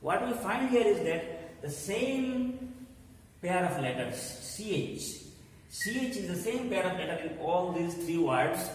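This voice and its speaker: A man teaching English, speaking in a deliberate, explanatory way and spelling out letters with frequent pauses. His voice sits a little high and comes from some distance from the mic. The room gives a heavy echo. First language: not English. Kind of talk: classroom-style lesson. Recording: echoey hall, voice from far off.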